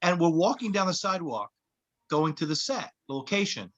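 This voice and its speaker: A man, a comedian and actor, telling lively anecdotes in casual chat and acting out the voices of people he quotes. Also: a little high, a little fast, lo-fi sound. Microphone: podcast mic.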